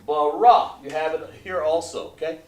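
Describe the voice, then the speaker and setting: Echoey teacher drilling pronunciations slowly. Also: male voice, fairly high pitch, animated, a bit bright, recorded from a distance. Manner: patient, repeats points, drawn-out slow pronunciations. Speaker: Hebrew language teacher. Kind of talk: live online class teaching. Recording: echoey room, voice away from mic.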